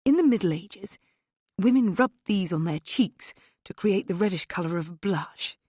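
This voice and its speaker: A woman's voice: mid-range voice, lively intonation, moderate pace, darkish tone, slightly rough, dry recording, studio quality. A woman doing a flamboyant, showy lecturing man. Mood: theatrical lecturing. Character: theatrical, flamboyant middle-aged man who lectures.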